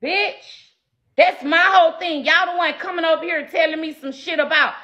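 A woman livestreamer ranting at her live chat, brash, loud, profane and combative. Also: very high voice, normal speed, muffled recording.

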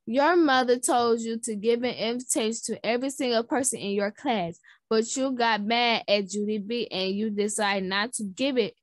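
A woman's voice: on the high side, moderate pace, few pauses, no echo, close to an everyday voice. A woman voicing a stern male school principal in a storybook read-aloud, firm and questioning.

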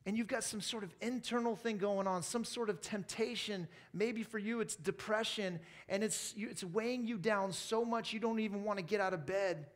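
A pastor with an American accent preaching a weekend church sermon in an earnest, conversational way, mixing scripture with family stories and playful asides. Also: male voice, high voice, moderate pace, few pauses. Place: church service.

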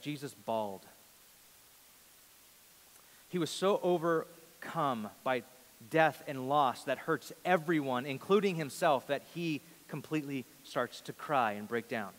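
A man in his thirties preaching a sermon in a large church, earnest, rising to loud emphasis and dropping to a hush. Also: mid-range voice, in a large hall. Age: 30s. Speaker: pastor.

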